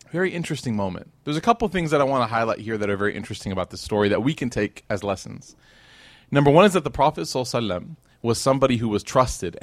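A man's voice: medium pitch, dry recording. A man giving a storytelling religious lecture to a live audience, full of rhetorical questions and acted-out quotes. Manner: animated, with rhetorical questions to the crowd; acts out quoted people. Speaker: religious teacher.

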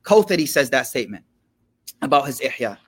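A man giving a relaxed religious lesson, telling a story in slangy everyday talk and often checking that his listeners follow. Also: mid-range voice, a little fast, breathy edge. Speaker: religious teacher. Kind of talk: casual storytelling lecture.

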